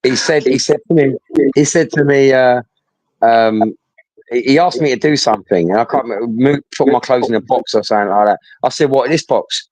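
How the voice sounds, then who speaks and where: A man's voice: mid-range voice, fairly quick, a little mellow, no echo, low-quality recording. A middle-aged man, telling a story in casual chat, blunt and sweary, often repeating himself.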